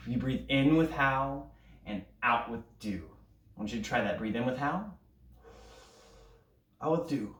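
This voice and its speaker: A man's voice: mid-range voice, expressive, unhurried, long pauses, fairly bright tone. A man teaching an elementary band lesson, leading breathing drills and counting aloud in an upbeat coaching way. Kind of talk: recorded online music lesson. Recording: roomy sound from a distance.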